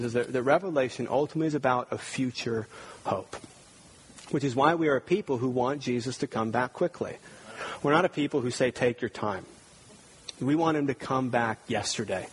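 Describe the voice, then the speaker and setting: A man's voice: mid-range voice, a little hiss or hum, rough recording. A man preaching a sermon as pastor, talking conversationally with frequent restarts and building to emphatic readings of scripture.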